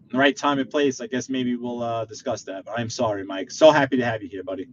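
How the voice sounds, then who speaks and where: A man with a New York accent, chatting casually on a live stream while he drives, reading viewer messages aloud and breaking into animated outbursts. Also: medium pitch, quick pace, hardly any pauses, dull audio, slight background noise. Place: inside a car.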